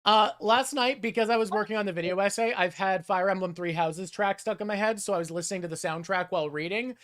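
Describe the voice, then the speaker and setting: A man's voice: high voice, quick pace, fairly bright tone, clear, resonant tone. A man hosting a casual chat with his mother, rambling and self-deprecating. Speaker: host.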